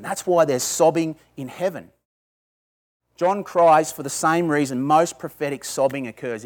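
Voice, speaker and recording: A man preaching a sermon to a small group, talking conversationally, asking his listeners questions and building to emphatic bursts. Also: a little high. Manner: asks the audience questions. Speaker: pastor.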